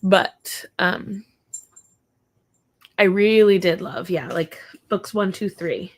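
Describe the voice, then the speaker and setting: Slow-talking woman chatting on a livestream. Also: on the low side. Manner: chatty and rambling, talking to her dog in between. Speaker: livestream host. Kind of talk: casual livestream chat with viewers. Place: home.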